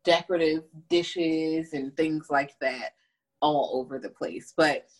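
A woman with a slightly low, husky voice talks films on a casual podcast. She recaps scenes in an animated, colloquial way and throws in playful asides. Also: takes it slowly. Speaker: podcast co-host. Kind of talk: casual film discussion chat.

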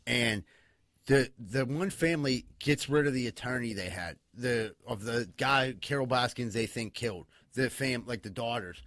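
A man's voice: medium pitch, moderate pace, a bit bright, no room sound, clean studio sound. A young man hosting a podcast, telling stories in crude, rambling casual chat and laughing as he goes. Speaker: podcast co-host.

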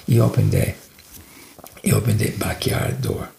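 A man telling a story in an animated, halting way. His voice is strongly gravelly and swings widely in pitch, and it is recorded in an echoey room. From Italy. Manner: animated, with many restarts and fillers. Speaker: podcast guest.

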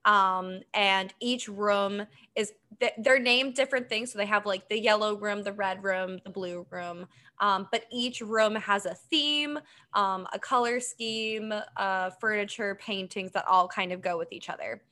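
A woman's voice: mid-range voice, unhurried, bright, forceful tone. A woman co-hosting a podcast, chatting casually about a documentary, with lots of ums and easy laughs. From Boston area. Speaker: podcast co-host. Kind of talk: casual chat recapping a documentary.

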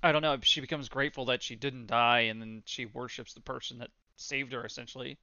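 A man co-hosting a casual movie podcast, relaxed and thinking aloud. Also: medium pitch, brisk, dry recording. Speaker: podcast co-host. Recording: dull lo-fi mic.

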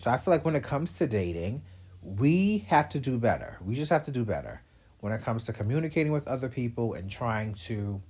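Lively, husky-voiced young man. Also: mid-range voice. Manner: animated, blunt, swears freely, quick asides. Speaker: podcast host. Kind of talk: casual monologue.

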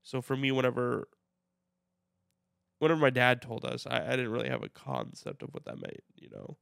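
Gravelly young man, reflective podcast talk. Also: mid-range voice, huge pitch swings, a bit bright, no room sound, studio quality. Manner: reflective, halting with repeated starts. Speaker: podcast co-host. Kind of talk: casual chat.

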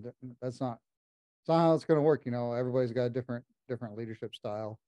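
Warm-voiced man hosting a podcast. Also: medium pitch, fast, dry recording. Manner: reflective, rambling. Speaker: podcast host. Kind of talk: casual chat.

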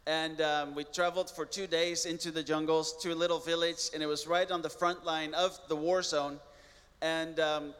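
An earnest man tells his testimony as a missionary guest, his slightly high voice ringing with a long hall reverb. He talks plainly and restarts words now and then. The tone stays sincere throughout. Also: flat delivery, normal speed, fairly bright tone, clear, resonant tone. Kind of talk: personal testimony storytelling.

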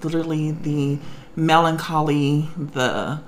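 A woman's voice: low-pitched, steady tone, slow pace, slight background noise. A woman on the verge of tears, telling a personal story in an emotional, emphatic way as a podcast co-host. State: close to tears.

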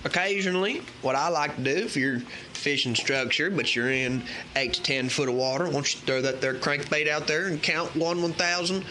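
A man's voice: a little high, moderate pace, hardly any pauses, slight background noise. A man playing a folksy male fishing guide in an exaggerated, put-on Southern US country accent. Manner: folksy, animated, hammy.

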